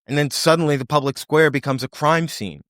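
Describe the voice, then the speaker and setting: A man's voice: fairly high pitch, a little fast, fairly bright tone, no echo, studio quality. A man hosting a podcast, delivering a sardonic, impassioned commentary monologue and mock-quoting officials in put-on voices. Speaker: podcast host.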